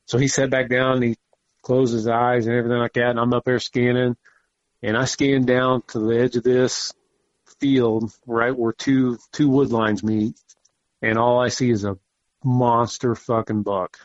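A man casually telling a hunting story, animated and swearing often as he acts out what people said. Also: mid-range voice, normal speed, no room sound, muffled recording. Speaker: podcast guest, hunter.

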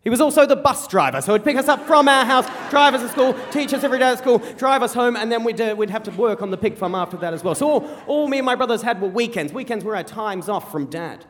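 Fast-talking Australian storyteller man. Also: very high-pitched, in a large hall, slight background noise. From rural South Australia. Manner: animated, self-mocking, rushes and repeats himself. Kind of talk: live personal storytelling. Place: stage before an audience.

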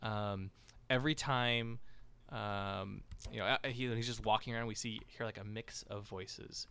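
A man hosts a casual podcast discussion in a rather low, smooth and resonant voice. He rambles along, piling up fillers and restarting his sentences as he goes. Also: steady tone, measured pace, sharp tone. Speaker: podcast host.

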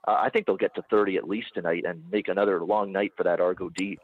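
A man from Canada co-hosting a sports betting radio show, talking bluntly and excitably, often repeating himself. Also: sits low, quick pace. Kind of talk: casual sports radio chat. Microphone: phone line. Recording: tinny phone line.

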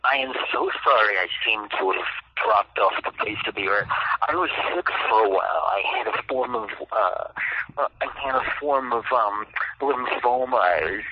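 A man leaving a halting, apologetic voicemail message over the phone. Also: on the low side, lively intonation. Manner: halting, apologetic, hesitant fillers. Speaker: film director leaving a voicemail. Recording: tinny phone voicemail, faint hiss.

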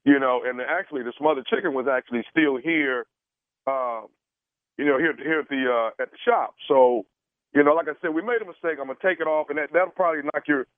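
A man on a radio prank call fumbles through a rambling, apologetic explanation, full of restarts. His voice sits a little high. The sound is a dry, tinny phone line. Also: brisk, dry recording. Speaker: radio prank caller posing as caterer.

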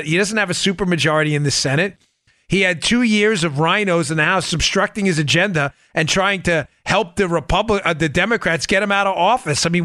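A man hosts a political podcast in a bright, high voice. His delivery is animated and sarcastic, and he often slips into mocking impressions. The sound is dry and close, with no room echo. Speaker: podcast host. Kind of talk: political commentary monologue.

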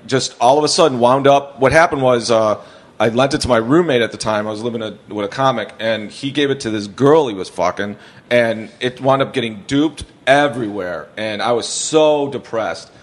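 Man telling rambling, profane anecdotes. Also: medium pitch. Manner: swears freely, rambling anecdotes with restarts; acts out quotes of other people. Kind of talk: casual podcast chat.

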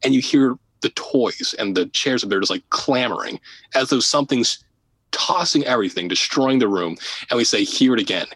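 Man, podcast guest, casual storytelling, laughs a lot, stumbles and repeats, hushed at tense bits, husky, dry. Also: medium pitch, moderate pace, no room sound, poor audio. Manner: animated, laughs often, repeats words; drops to a hushed voice for tense moments. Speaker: podcast guest, paranormal investigator.

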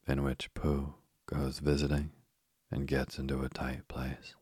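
A man reading a children's storybook aloud as narrator, calm and unhurried. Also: rumbling low, husky, no echo, clean studio sound.

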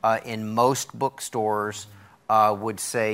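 A man's voice: medium pitch, takes it slowly, pushed and bright. A man hosting a Christian talk show, enthusiastic and reacting to his guest. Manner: enthusiastic, reacts with frequent wows. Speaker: host.

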